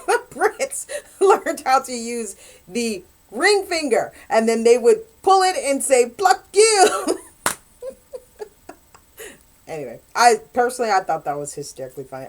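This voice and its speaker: A woman's voice: on the high side, normal speed. Chatty, laughing woman reviewing a book. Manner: animated, chatty, laughs often. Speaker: book reviewer and romance author. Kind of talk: casual book review chat.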